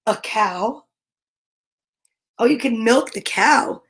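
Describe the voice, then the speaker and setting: A woman with a high-pitched voice reads picture books to young children. She keeps it casual and cheerful, comments on each page as she goes, and eases into a slow lilting rhythm when she reads rhyming verse. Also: a bit bright. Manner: chatty and cheerful, comments between pages; slows down and lilts when reading verse. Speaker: storyteller reading picture books aloud. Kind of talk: casual read-aloud for children.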